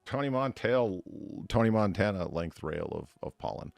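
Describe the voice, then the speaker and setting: This is a congested man with a blocked nose, chatting on a stream in a rough, gravelly low voice. He swings his pitch around a lot and sounds sarcastic and crude. The sound is close and dry, with almost no room. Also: normal speed, dry recording, soft background music. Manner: profane, sarcastic, animated. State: stuffed-up nose. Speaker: podcast co-host. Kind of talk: casual chat.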